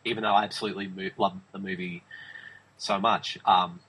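A man's voice: sits low, flat delivery, brisk, pushed and bright, slightly rough, low-quality recording. A man talking films in a casual review chat, enthusiastic and emphatic, often restarting his sentences. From Australia. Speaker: film review podcast host.

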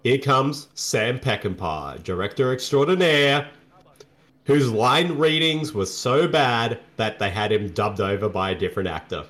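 A man's voice: medium pitch, a little slow. A man co-hosting a casual movie commentary, joking and reacting to what is on screen. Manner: jokey and animated. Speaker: co-host.

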